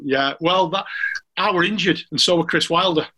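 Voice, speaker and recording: A middle-aged Yorkshire man with a bright, fairly high voice, talking as a guest in a loose, anecdotal way. He laughs easily and keeps stopping and restarting his sentences as he tells a story. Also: moderate pace, poor audio. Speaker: former footballer guest. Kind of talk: casual anecdotal chat.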